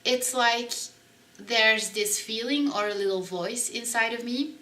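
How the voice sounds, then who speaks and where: Earnest woman vlogger, emphatic and candid; bright, sharp tone, recorded at some distance from the mic. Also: a little high, unhurried. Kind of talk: personal storytelling to camera. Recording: voice a bit far from the mic.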